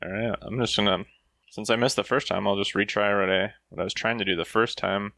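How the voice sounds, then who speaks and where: A man's voice: on the low side, fairly even intonation, brisk, gravelly, bright, forceful tone, dry recording. A man playing a tabletop game who makes dry, wry remarks as he declares his spells. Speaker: player. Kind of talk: casual tabletop play.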